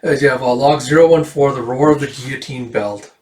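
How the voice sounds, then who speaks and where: A man with a brisk, slightly mellow mid-range voice casually reads through a comic and reacts as a reviewer, using fillers and swearing. The sound is roomy, as if from a distant mic.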